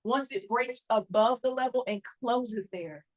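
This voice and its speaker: A woman co-teaching a trading lesson explains each point step by step in relaxed, everyday speech. Her voice sits slightly above the usual range for a woman. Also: a little high, measured pace, rough recording. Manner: explanatory, breaks ideas into steps. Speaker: trading instructor. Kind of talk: casual teaching talk.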